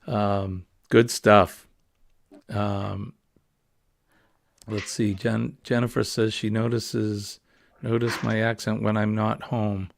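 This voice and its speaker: Gravelly New England man chatting casually. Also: fairly low pitch, level tone, takes it slowly, no room sound, clean studio sound. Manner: chatty, rambling, easygoing. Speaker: livestream host. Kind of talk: casual morning chat.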